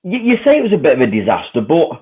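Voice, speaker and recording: A man's voice: on the high side, huge pitch swings, very fast. A man from England hosting a casual betting chat, friendly and repetitive. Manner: friendly, repeats himself. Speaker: host. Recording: tinny phone-like audio.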